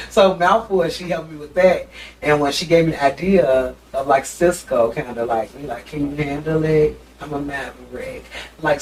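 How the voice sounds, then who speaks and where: A flamboyant man chatting on a talk show, his voice sitting a little high and full of playful laughter. He sounds set back from the microphone, with a faint hiss of room noise behind him. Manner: flamboyant, playful, laughs often, addresses listeners as y'all. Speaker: guest musician and reality TV personality. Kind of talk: casual interview chat. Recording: distant mic with faint background noise.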